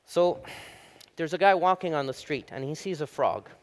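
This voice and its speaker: A middle-aged man from Italy, giving a public university lecture as an animated storyteller. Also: normal speed. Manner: animated storyteller, rises high when telling jokes. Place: lecture hall.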